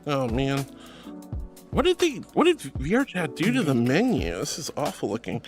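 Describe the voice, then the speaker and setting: A woman streams and chats casually with her viewers, playful and over the top, and her pitch leaps and dips constantly. She calls people honey and sweetie, and faint music plays underneath her. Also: wildly swooping pitch, moderate pace, darkish tone. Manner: playful and dramatic, often laughing. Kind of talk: casual livestream chat.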